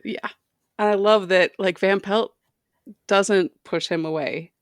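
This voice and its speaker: A woman co-hosting a podcast, casually chatting about a TV episode, agreeable and quick to laugh. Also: mid-range voice, fairly even intonation, dry recording, studio quality. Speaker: podcast co-host. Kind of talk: casual chat recapping a TV episode.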